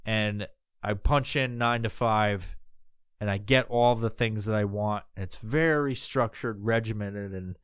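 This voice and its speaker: A man's voice: on the low side, a little slow, clean tone, dry recording, clean studio sound. A man hosting a podcast, talking in a loose, rambling way with lots of swearing and restarts. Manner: loose and profane, full of fillers and restarts. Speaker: podcast host. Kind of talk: casual rambling monologue.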